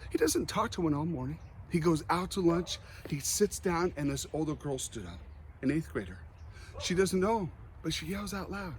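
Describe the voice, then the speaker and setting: Man, motivational speaker, earnest storytelling, slight stutter, slightly high voice, faint background hum. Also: animated, moderate pace. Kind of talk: emotional storytelling speech.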